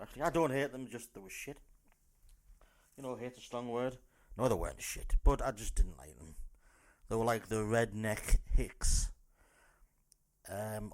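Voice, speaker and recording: A man with a North East English accent hosting a loud, sweary, rambling news rant podcast. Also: on the low side. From North East England. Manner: loud, sweary, rambling, jumps into silly put-on voices. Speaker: podcast host.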